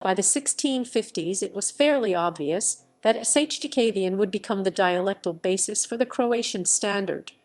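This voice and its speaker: A woman reading an encyclopedia article aloud in a flat read-aloud manner, spelling out unfamiliar words. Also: mid-range voice, moderate pace, hardly any pauses. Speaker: article reader.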